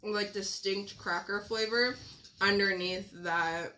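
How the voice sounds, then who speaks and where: A woman's voice: mid-range voice, fairly even intonation, slow pace, sharp tone, a little hiss or hum. A woman hosting a casual snack-tasting vlog, laughing often as she reads the packages. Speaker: vlog host.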